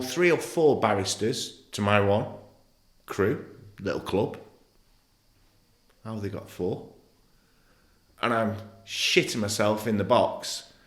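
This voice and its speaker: In a reverberant podcast studio, a middle-aged English former footballer shares his life story as a guest, emotional and blunt, cursing without restraint. His voice is on the low side.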